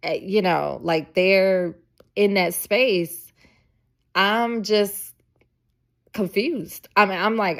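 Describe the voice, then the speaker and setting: A woman's voice: lowish voice, takes it slowly, gravelly. A woman in her forties, a podcast host chatting in a casual storytelling monologue, emphatic and often laughing. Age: 40s.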